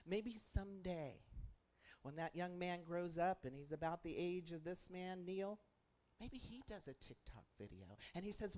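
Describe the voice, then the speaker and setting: Brief: male minister, fairly high voice, animated storyteller who acts out dialogue in a sermon. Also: normal speed. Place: spiritual center sanctuary.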